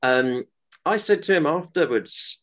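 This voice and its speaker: Here is a man, somewhat higher-voiced than most, who recounts an episode earnestly and at length. He often stops and restarts mid-sentence. The recording sounds dull and lo-fi. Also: animated, measured pace, fairly bright tone. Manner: earnest, rambling with restarts and acted quotes. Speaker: author guest. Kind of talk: interview storytelling.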